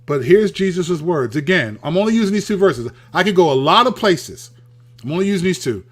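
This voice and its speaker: A male host delivers a casual, sermon-like talk, mixing loose slang with scripture. His voice sits a little high and swoops widely up and down as he presses his points. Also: normal speed, long pauses. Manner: animated, emphatic, repeats phrases for stress. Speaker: Christian channel host. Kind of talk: preaching-style video talk.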